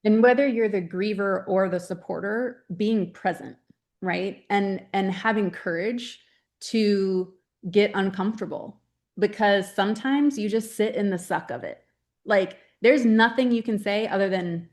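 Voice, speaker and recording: A woman's voice: mid-range voice, a little slow, darkish tone. Earnest chatty woman guest. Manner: earnest, chatty, many "right?" tags. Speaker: grief specialist guest. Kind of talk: casual interview talk.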